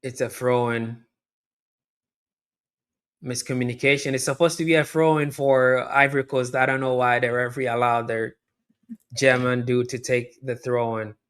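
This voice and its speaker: A man with a clean, mid-range voice speaks at normal speed, leaving long pauses, as he hosts a live watch-along. He chats through the match directly to his viewers, repeats himself, and explodes into loud, excited shouts at near misses.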